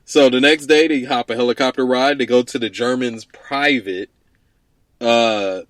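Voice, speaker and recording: A man walks through a movie's plot in relaxed, easy chat. His voice is mid-pitched and recorded close and dry, with no room sound. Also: unhurried, no room sound. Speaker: co-host. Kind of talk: casual movie recap chat.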